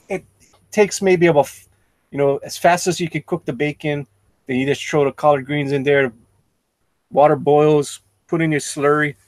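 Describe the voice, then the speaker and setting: A man's voice: on the high side, dry recording. A middle-aged man chatting casually and rambling happily about home cooking. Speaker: live-stream artist. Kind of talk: casual chat.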